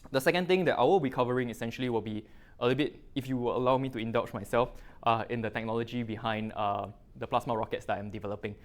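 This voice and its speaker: A man's voice: medium pitch, fast. Singaporean man giving a casual tech talk. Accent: Singaporean English. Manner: informal, with frequent fillers and local particles. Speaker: guest lecturer. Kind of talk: technical presentation to an audience.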